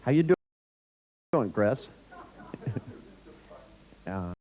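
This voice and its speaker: A man's voice: lowish voice, animated, extremely slow, warm tone, slight background noise. A man leading a live workshop in front of an audience, telling blunt, irreverent stories and laughing often. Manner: joking storyteller, laughs often. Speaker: workshop trainer.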